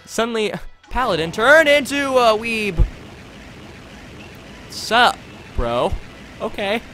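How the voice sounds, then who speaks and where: A man's voice: sits high, sharp tone. A man rambling and joking while commentating a video game playthrough. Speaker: let's play host. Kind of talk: gameplay commentary.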